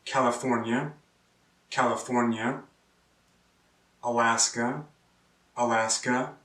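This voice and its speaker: Slow, clear man teaching words. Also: mid-range voice, steady tone, bright, forceful tone. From Kansas, US. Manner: repeats each word slowly and clearly. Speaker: English teacher. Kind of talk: slow pronunciation lesson. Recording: echoey room, distant mic.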